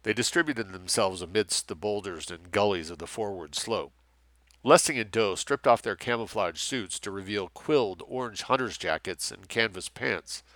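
Bright, dry-voiced male narrator. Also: lowish voice, dry recording. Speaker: audiobook narrator. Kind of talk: scripted narration.

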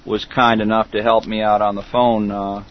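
A middle-aged man hosting a loose radio chat, his fairly low voice coming through dull, lo-fi call audio. He talks haltingly, circling back with fillers and restarts. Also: flat delivery. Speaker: host. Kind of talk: casual internet radio chat.

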